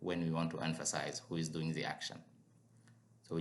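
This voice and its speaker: A man's voice: very deep voice, level tone, normal speed, pauses often, reverberant. A man teaching a language lesson, patiently repeating each word for learners to drill.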